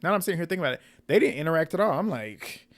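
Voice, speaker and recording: Blunt, animated male reality-TV recapper. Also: a little high, very fast. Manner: blunt, animated, swears and laughs often. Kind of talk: casual commentary recap.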